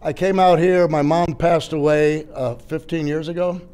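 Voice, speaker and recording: High-voiced New comedian doing one-liners. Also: male voice, fairly even intonation, warm tone, clean tone. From New York City. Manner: punchy one-liners with quick laughs. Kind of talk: stand-up comedy set. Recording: live set with a noisy crowd.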